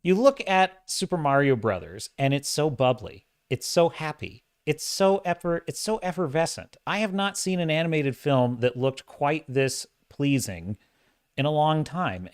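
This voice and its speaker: A man hosting a livestream, giving opinionated, animated commentary and acting out quoted dialogue. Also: medium pitch, no echo, studio quality. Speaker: livestream host.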